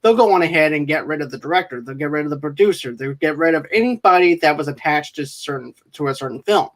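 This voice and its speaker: A man's voice: on the high side, expressive, fast talker. A man co-hosting a casual movie podcast, speaking earnestly and repeating phrases. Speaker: podcast co-host.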